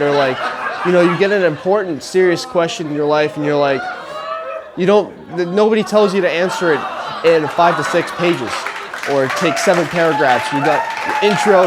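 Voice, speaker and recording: A young man in college, hosting a live show with a rambling, jokey monologue, laughing through his lines. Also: on the high side. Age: young adult. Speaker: host. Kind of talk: stand-up style monologue to a live audience. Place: live show before an audience.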